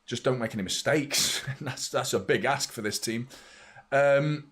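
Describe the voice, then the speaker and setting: A man hosting a live football watchalong. He reacts excitably to the play, swears freely and chats with viewers' messages. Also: mid-range voice, measured pace. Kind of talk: live match watchalong commentary.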